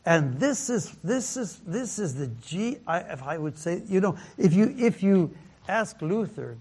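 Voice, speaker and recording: Slow-talking pastor, halting and repetitive. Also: male voice, high voice, sing-song, a little mellow, husky. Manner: halting, repeats words, laughs often, mixes in Mandarin phrases. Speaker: pastor teaching a Bible class. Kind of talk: sermon-style Bible teaching.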